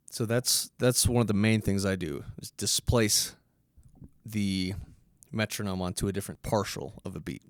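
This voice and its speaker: A man giving a casual music lesson, explaining step by step and counting beats aloud. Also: fairly low pitch. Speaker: music teacher.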